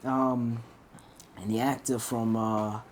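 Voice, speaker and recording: A man's voice: mid-range voice, level tone, takes it slowly, slight background noise. A young man co-hosting a podcast, telling stories in casual chat, laughing often and swearing freely. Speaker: podcast co-host.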